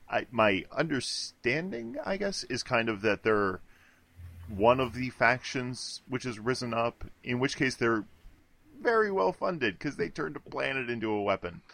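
A man's voice: mid-range voice, creaky, fairly bright tone. Agreeable man thinking aloud. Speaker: podcast co-host. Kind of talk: casual film discussion.

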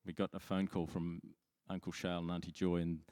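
A man's voice: low voice, monotone, a little fast, a little mellow. A man preaching a sermon as pastor, telling stories in a chatty, self-mocking way with frequent restarts. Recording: long hall reverb.

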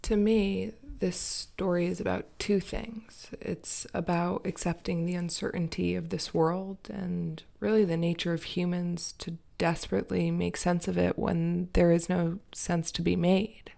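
A woman giving measured, thoughtful commentary. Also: on the low side, little pitch movement, vocal fry, dark tone. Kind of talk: reflective commentary.

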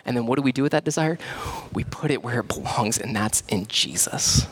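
A man, preaching a sermon as pastor, animated and repeating key phrases for emphasis. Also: a little fast, breathy edge. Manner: animated, swings to high mimicking voices for quoted people.

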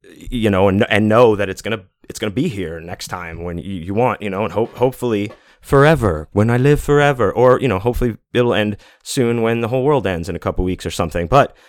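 A man's voice: fairly low pitch, fairly quick, no echo. A man in his forties hosting a podcast, talking in a rambling, casual monologue full of fillers, restarts and swearing. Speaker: podcast host.

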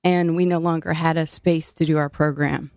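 Low-voiced older woman, guest interview. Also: steady tone, moderate pace, darkish tone, dry recording, clean studio sound. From Illinois. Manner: earnest, frequent fillers, laughs easily. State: slightly out of breath. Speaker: city food policy director, guest. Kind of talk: interview conversation.

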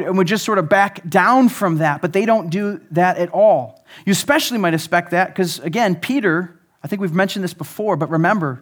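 A man pastor giving a conversational sermon, animated, acting out the people he quotes. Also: sits high.

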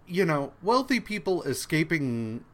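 A man's voice: on the high side, sing-song, measured pace, a bit bright. A man co-hosting a casual podcast, ranting with exasperation and swearing freely. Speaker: podcast co-host. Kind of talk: casual chat.

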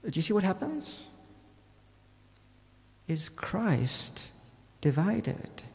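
A man preaching a sermon in a lively, conversational way, asking his listeners rhetorical questions. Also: sits high, very slow, gravelly, long reverb tail.

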